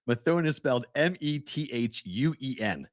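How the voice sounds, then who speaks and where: A man's voice: medium pitch, lively intonation, normal speed, no room sound, studio quality. A man with a Boston-area accent, co-hosting a sports talk show in casual chat, often laughing as he spells out town names. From Merrimack Valley, Massachusetts.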